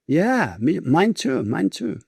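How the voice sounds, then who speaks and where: A Brazilian man hosts an English-language podcast, his Portuguese accent clear in every line. His voice sits rather high for a man and has a strong gravelly fry. He asks his questions in a relaxed, friendly way, recorded dry and close. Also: takes it slowly, no echo. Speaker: podcast host. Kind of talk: conversational interview.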